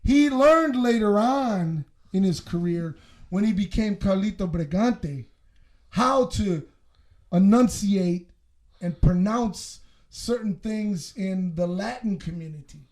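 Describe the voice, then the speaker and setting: A man's voice: high voice, animated, takes it slowly, darkish tone. A man co-hosting a casual podcast, blunt and profane, telling stories with lots of animation. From Southwest Detroit. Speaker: podcast co-host.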